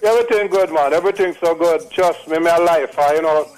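A man's voice: fairly high pitch, a little fast, darkish tone, low-quality recording. Older Jamaican man, emphatic caller. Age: late 60s. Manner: repeats himself, drops into patois, emphatic. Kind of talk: phone-in testimonial.

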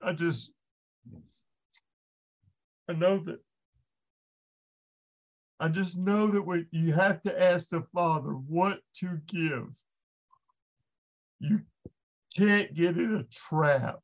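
A man's voice: on the high side, drawn-out words, pauses often. A man, a podcast guest, giving an impassioned faith testimony in an earnest storytelling manner with frequent restarts.

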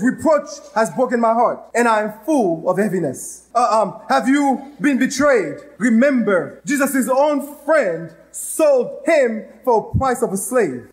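A Haitian-accented man preaching in a church with a strikingly high, light voice. His sermon is fervent and driving, and he rises into loud, ringing outbursts. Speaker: pastor.

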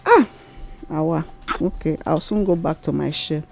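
A woman with a Nigerian Pidgin accent, co-hosting a casual radio chat and talking with lively, rising emphasis. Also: sits low, normal speed, gravelly, background noise. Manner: animated, laughing, rising emphatic lines. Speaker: radio co-host. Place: radio studio.

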